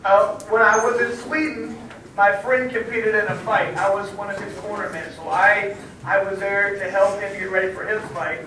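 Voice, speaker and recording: A man's voice: sits high, steady tone, normal speed, bright, forceful tone. A man who is a guest speaker at a school, answering students' questions in a plain, rambling, earnest way. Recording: echoey room from far off, noisy.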